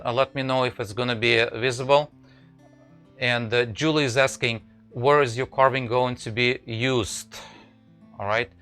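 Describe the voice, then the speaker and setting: Halting man on a live stream. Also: mid-range voice, sharp tone, smooth, low-quality recording. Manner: halting, many fillers and restarts, talks to viewers by name. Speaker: woodcarver hosting a live stream. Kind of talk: casual live-stream chat.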